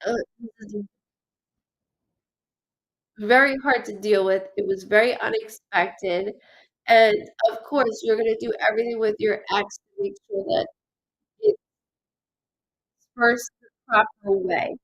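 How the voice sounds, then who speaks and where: A woman hosting a live psychic reading stream, halting and stuffed up from crying, calling out names and letters to viewers. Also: on the high side, animated, vocal fry. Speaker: psychic medium host.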